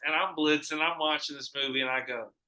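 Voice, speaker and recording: Guy hosting a podcast, cussing and animated, bright voice, echoey room. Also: a little high, fairly quick. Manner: animated, profane storytelling. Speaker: podcast host. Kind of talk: casual podcast chat.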